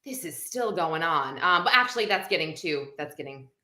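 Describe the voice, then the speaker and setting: A woman's voice: low voice, animated, normal speed, pushed and bright. A woman hosting a live stream, talking in a chatty, rambling way with many fillers. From United States. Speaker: host. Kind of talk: casual live-stream chat. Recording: echoey room.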